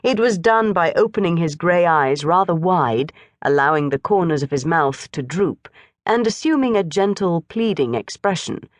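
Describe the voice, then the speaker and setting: A woman narrating a classic children's storybook in an expressive, lively reading. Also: lowish voice, no room sound. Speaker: audiobook narrator.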